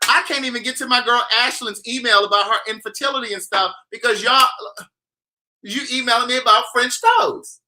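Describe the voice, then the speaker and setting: A man hosting a casual vlog, talking to camera in an animated, sassy, teasing way. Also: extremely high pitch, fairly quick. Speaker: vlogger host.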